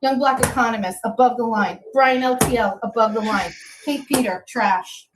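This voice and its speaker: A woman on a played stream clip bluntly ranking people one after another. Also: a little high. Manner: blunt, rapid verdicts. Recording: distant with clear background noise.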